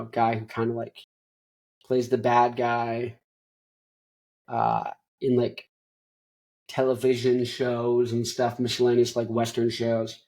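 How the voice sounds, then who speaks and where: A man's voice: mid-range voice, darkish tone, rough recording. Young man rambling through a movie recap. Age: young adult. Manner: rambling, many fillers and restarts. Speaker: podcast host.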